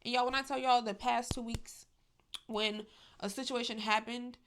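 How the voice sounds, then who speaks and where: A woman's voice: a little high, fairly even intonation, moderate pace, a bit bright, slight background noise. A young adult woman talking candidly to her viewers in a casual vlog, emphatic and chatty, saying "y'all" and "like" often. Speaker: vlogger.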